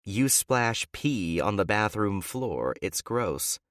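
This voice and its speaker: A man voicing a guarded, tender woman in love who speaks softly and hesitantly in an audiobook. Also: lowish voice, very animated, takes it slowly, no echo, clean studio sound, full character voice. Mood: tender teasing. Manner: soft, hesitant speech.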